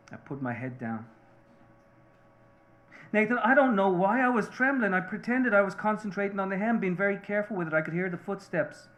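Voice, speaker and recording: A man reading the part of a remorseful Irish-American mother, a seamstress, confessing earnestly and haltingly to her husband. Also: on the high side, a bit bright, lightly acted.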